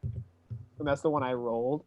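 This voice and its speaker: A tabletop game player chatting in a playful, excitable way. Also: mid-range voice, a little slow, muffled recording, faint music behind. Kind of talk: casual tabletop game chat.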